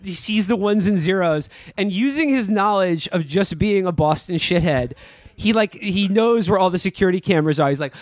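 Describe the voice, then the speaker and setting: A man co-hosting a comedy podcast, sarcastically recapping a film with animated storytelling. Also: sits high, moderate pace, no echo. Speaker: podcast co-host. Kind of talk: comedic casual movie recap.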